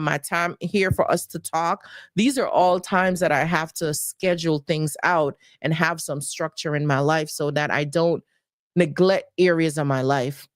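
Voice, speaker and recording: A woman speaks in a motivational personal talk with a lowish voice. She is earnest and emphatic, circling back to key phrases. The sound is close and dry, with no room echo. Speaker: host.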